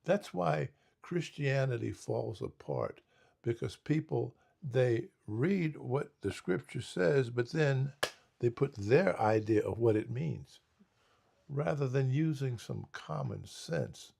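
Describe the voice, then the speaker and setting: A man in casual talk as pastor and co-host, emphatic, slowing down and stressing scripture. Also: medium pitch, lively intonation, gravelly, slightly rough. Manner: emphatic, slows and gets louder on scripture. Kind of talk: preaching in casual chat.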